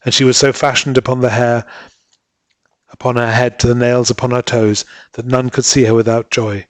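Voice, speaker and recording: A man narrating a classic story in a measured, steady reading. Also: mid-range voice, no echo.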